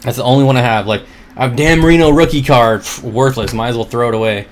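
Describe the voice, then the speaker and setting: A man's voice: medium pitch, fast talker, slight background noise. Rambling, chatty man hosting a livestream. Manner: rambling and chatty, often laughs at his own jokes; reads viewer comments aloud and answers them. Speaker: livestream host. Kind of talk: casual livestream chat.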